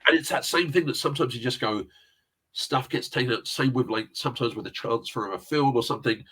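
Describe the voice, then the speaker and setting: A middle-aged man from England, medium-pitched and a bit bright, talks quickly over a little hiss or hum. He's a casual interview guest who meanders through anecdotes, chuckling often.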